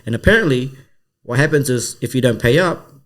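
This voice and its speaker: A man's voice: mid-range voice, brisk. A man, a comedian and podcast co-host, telling a story in casual chat and acting out the other people's voices. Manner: animated storyteller who acts out the voices of others.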